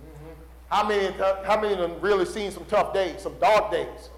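A male preacher delivers a sermon with call-and-response, building loud and dropping low. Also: normal speed. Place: church sanctuary. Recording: roomy church echo.

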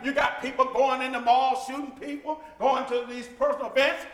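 A man preaching a sermon in a church, fervent, with shouted peaks and joking asides. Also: extremely high pitch, little pitch movement, a little fast. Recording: echoey hall.

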